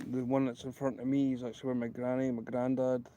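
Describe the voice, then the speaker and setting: A man's voice: medium pitch, completely flat delivery, fast, slight background noise. Rambling Scottish man on a night walk. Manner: rambling, chatty, kept quiet. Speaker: livestream host. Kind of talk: casual live walking vlog. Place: outdoors at night, walking between graveyards.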